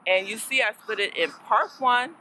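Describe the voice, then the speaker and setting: Casual woman learner-teacher, bright tone, talky and playful, sprinkles in Spanish words. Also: a little high, lively intonation, normal speed, slight background noise, low-quality recording. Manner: chatty and playful, laughs often, mixes in Spanish words. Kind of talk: casual vlog lesson.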